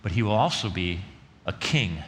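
A male pastor delivers a sermon in a lively, swooping voice with a bright, forceful edge. He talks conversationally, slipping into casual slang and acting out the quotes. A long reverb hangs on his words, as in a large church hall. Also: sits low, normal speed, slight background noise.

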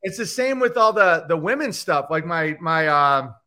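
Male comedian guest, high bright voice, profane fast-shifting rant with mock voices. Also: expressive, soft background music. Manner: ranting, profane, jumps into mocking put-on voices. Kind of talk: animated podcast chat with comic bits.

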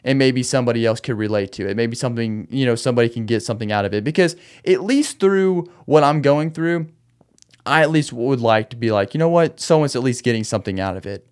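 A man's voice: mid-range voice, quick pace, smooth. Amped up guy venting on his podcast late at night, rambly, laughs while he's mad. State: agitated, wound up. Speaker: podcast host. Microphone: podcast microphone.

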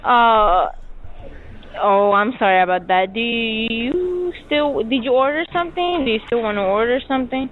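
A woman's voice: on the high side, normal speed. A woman taking food orders over the phone at a restaurant, speaking hesitantly. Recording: tinny phone line.

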